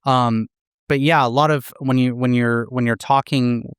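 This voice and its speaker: A man's voice: medium pitch, steady tone, normal speed, smooth, no room sound. American male co-host, enthusiastic explainer, resonant clean voice, dry sound. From USA. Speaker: podcast co-host. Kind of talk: casual podcast chat.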